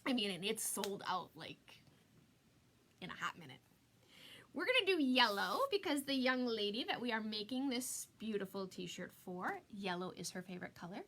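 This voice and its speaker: A woman's voice: mid-range voice, very animated, moderate pace, sharp tone. A woman in her forties hosting a live-stream craft tutorial, chatty and giggly, greeting viewers by name. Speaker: craft product designer hosting a live demo.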